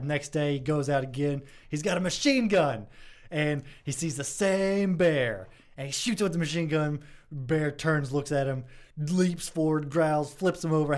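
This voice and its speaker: A man telling jokes in a comedy radio chat, deadpan and self-mocking. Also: on the high side, moderate pace.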